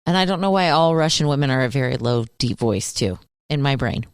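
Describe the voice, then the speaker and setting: A woman's voice: extremely low pitch, animated, a little fast, clean tone, no room sound. Playful woman radio co-host, dry studio. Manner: playful, tries silly impressions. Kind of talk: casual banter.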